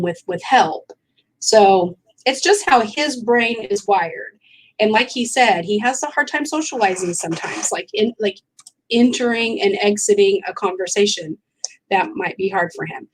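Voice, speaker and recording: A woman's voice: medium pitch, gravelly, low-quality recording. A woman, a mother and teacher, explaining earnestly in a casual video chat.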